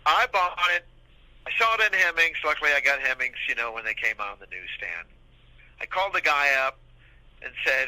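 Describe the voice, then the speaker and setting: Bright-voiced man in his sixties, animated storyteller. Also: a little high, fairly quick, no echo, poor audio. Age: 60s. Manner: rambling, animated, acts out quoted dialogue. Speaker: podcast guest. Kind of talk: casual anecdotal storytelling.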